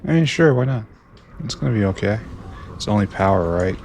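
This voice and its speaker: A gameplay streamer thinks aloud in casual commentary as he plays, musing to himself with dry self-mockery. His voice is on the low side and darkish, with lively intonation and a fairly quick pace. There's slight background noise.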